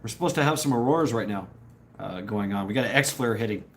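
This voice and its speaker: A man's voice: lowish voice, lively intonation, fast talker, fairly bright tone, slight background noise. A man telling a rambling, profane story in casual chat with his viewers, often laughing. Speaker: livestreamer chatting with viewers.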